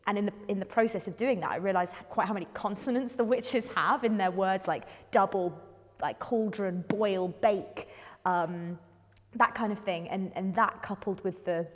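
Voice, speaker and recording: A British woman actor reflecting on the language of a play in a lively way. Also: medium pitch, normal speed. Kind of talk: discussing a play. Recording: roomy hall reverb.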